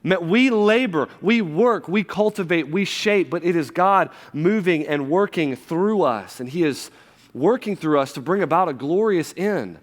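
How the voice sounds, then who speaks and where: Pastor guy preaching, kinda high voice, chatty asides, big churchy reverb. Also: animated. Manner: conversational preaching with quick asides and restarts. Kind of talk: sermon. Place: church sanctuary. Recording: long hall reverb from a church.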